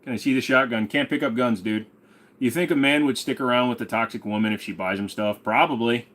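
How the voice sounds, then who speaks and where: Give me a laid-back male streamer chatting casually, joking and swearing in a mid-pitched voice. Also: brisk, fairly bright tone. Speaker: livestream host. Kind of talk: casual livestream chat.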